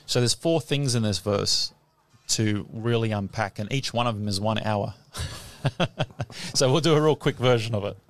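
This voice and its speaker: A man's voice: lowish voice, moderate pace. A man teaching the Bible on live radio, quizzing a class in front of him and laughing often. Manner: lively, laughing, asks the audience questions. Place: tent or hall with a live audience.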